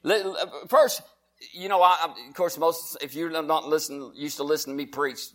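A male preacher delivers a sermon to people watching from home. His voice sits high, and he talks fast and fervently, circling back to the same phrases again and again. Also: fairly bright tone. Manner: fervent, repetitive preaching, self-described fast talker. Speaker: pastor.

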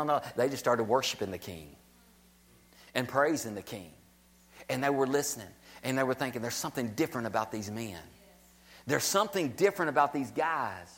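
High-voiced man preaching a sermon. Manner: emphatic preaching, repeating phrases, rising to shouts. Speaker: pastor. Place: small church.

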